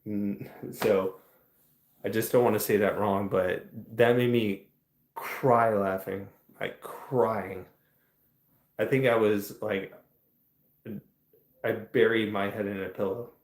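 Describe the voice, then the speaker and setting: A man hosting a casual livestream, answering chat in a rambling, soft-spoken way that trails off. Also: on the low side, fairly even intonation, slow pace, pauses often, echoey room. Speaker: livestream host. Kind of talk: casual live-stream chat, reading chat questions.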